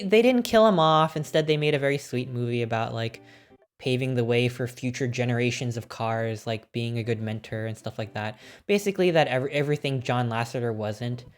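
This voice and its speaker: A woman streaming casually, ranking films with excited, swear-filled chat and frequent laughter. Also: very deep voice, normal speed, soft background music.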